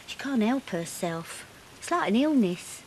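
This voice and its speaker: A woman's voice: medium pitch, sing-song, a little slow, slight background noise. An actress playing a gossipy village woman with a sugary, mocking manner in a TV soap. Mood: sweetly catty.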